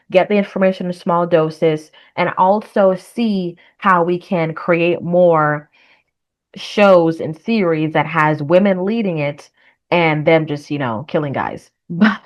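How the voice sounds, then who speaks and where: A woman with a low, deep-set voice talks through her reaction to a trailer in a relaxed, chatty way. She speaks with earnest conviction and leans into encouraging, faith-tinged words when she signs off. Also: lo-fi sound. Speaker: reaction vlogger. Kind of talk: casual reaction commentary.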